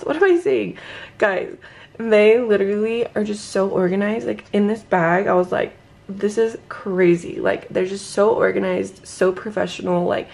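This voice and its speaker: Young woman, vocal fry, casual vlog, teary and excited, filler-heavy chat. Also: mid-range voice. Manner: gushing, excited, says "like" a lot. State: teary and emotional; just woke up, sleepy voice. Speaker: vlogger. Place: at home. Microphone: handheld camera.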